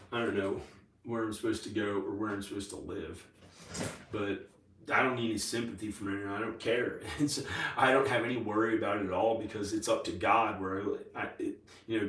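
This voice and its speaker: A man vlogging in a rambling, halting way, full of restarts, sounding tired and short on sleep. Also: lowish voice, roomy sound, far from the mic, rough recording. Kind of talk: rambling casual monologue to camera.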